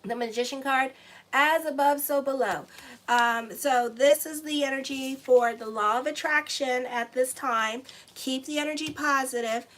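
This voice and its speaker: A woman astrologer talks her viewers through a monthly tarot spread in a loose, chatty way. Her voice sits a little high, and she is blunt and sassy, often checking in with "okay?" and calling her viewers "y'all". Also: measured pace, fairly bright tone, rough recording.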